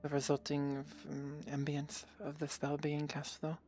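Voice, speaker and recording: Low-voiced woman with formal role-play speech. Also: completely flat delivery, measured pace, dark tone, slight background noise. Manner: formal, polite in-character speech. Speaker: streamer playing a mage character. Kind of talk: in-character fantasy role-play. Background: faint background music.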